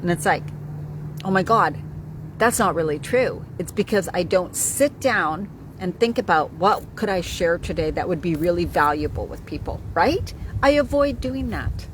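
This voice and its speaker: A woman's voice: on the low side, animated, moderate pace, few pauses, slight background noise, rough recording. A woman in her forties talking casually to camera as a wellness coach, chatty, often checking in with "right?". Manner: chatty, keeps asking "right?". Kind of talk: casual talking-head vlog.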